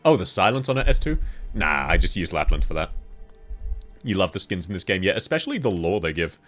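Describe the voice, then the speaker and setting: A man's voice: deep voice, big pitch swings, a little fast, fairly bright tone, faint music behind. A man with a cold, chatting casually on a livestream, reading chat and laughing often. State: sick with a cold. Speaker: VTuber streamer.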